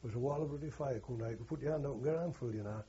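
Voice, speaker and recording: Older man, very raspy voice, rambling oral history, dull lo-fi recording. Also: medium pitch, rapid-fire, warm tone. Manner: rambling, earthy, self-correcting storytelling. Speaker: war veteran interviewee.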